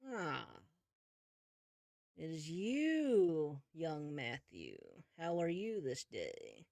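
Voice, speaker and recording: Man doing a villainous wolf king, mocking, taunting, slow, dry close sound. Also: a little high, wildly swooping pitch, creaky, darkish tone, no echo, exaggerated voice. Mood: menacing. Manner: taunting, sings his threats.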